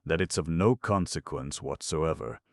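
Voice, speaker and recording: A man's voice: extremely low pitch, moderate pace, creaky, darkish tone, no echo, clean studio sound. A man voicing a shrewd older business manager who lectures sardonically, in a read-aloud play. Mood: sardonic.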